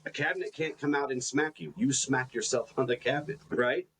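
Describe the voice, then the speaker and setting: A man co-hosting a podcast in casual reflective chat, animated and self-deprecating in his stories, often repeating his words. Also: medium pitch, a little fast, a little hiss or hum, rough recording. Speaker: podcast co-host.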